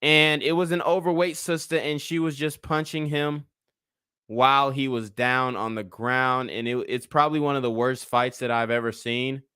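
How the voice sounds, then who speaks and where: A man's voice: medium pitch, fairly even intonation, normal speed, sharp tone, clean tone, dry recording, studio quality. A man in his twenties giving casual livestream commentary, a blunt and profane rambling storyteller.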